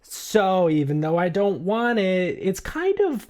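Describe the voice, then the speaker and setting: A man's voice: high-pitched, sing-song, slow, darkish tone, pitched above the performer's own voice, full character voice. A man voicing a nervous male politician who stammers and trips over his excuses. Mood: rambling. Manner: stammering, flustered. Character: nervous, guilty male mayoral candidate.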